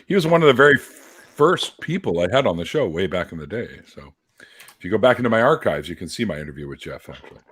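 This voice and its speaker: Brief: Canadian man, host of a casual stream, lowish voice with a husky edge. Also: sing-song, fast, fairly bright tone, no echo. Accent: Canadian, West Coast. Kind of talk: casual live-stream chat.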